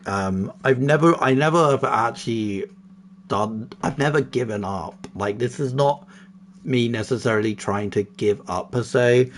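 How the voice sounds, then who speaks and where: A man's voice: medium pitch, vocal fry. A young man talking casually to his livestream chat, moving from a somber farewell talk to exasperated, heavily swearing outbursts. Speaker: streamer.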